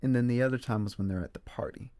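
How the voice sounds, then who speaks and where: A young man talks casually about a film he loves, with an animated way of retelling scenes. His voice sits at a medium pitch. The sound is dry and close, with no room echo. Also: fast. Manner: animated retelling, acts out character quotes. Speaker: movie reviewer host.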